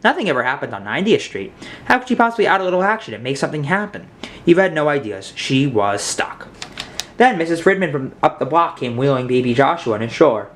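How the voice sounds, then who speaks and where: A man reading a picture book aloud as narrator, with animated, expressive storytelling. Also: on the high side, fast, slight background noise.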